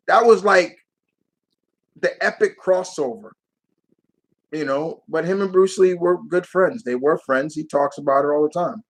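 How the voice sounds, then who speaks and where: A man's voice: fairly high pitch, poor audio. A man hosting a live Q&A stream, answering viewer questions in a rambling, casual way and laughing as he retells movie scenes.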